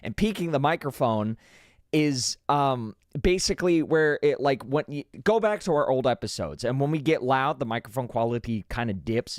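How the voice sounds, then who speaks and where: Man, livestream host, excitable rambling, lots of restarts, somewhat high voice, dry close sound. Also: moderate pace, no echo. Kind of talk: casual live-stream chat. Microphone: dynamic studio broadcast microphone.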